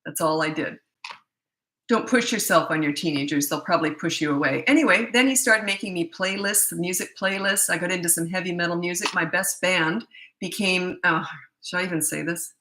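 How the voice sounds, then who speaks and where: A woman's voice: fairly low pitch, a little fast, pushed and bright, a little hiss or hum. A middle-aged woman parenting coach who tells stories in a chatty, casual Q&A and laughs often. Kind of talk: casual storytelling Q&A. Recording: echoey room.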